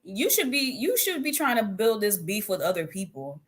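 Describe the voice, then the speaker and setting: A woman's voice: medium pitch, very animated, normal speed, slightly rough. A woman co-hosting a casual talk show, retelling an online argument and acting out the quotes, laughing often. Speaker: podcast co-host. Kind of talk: casual chat.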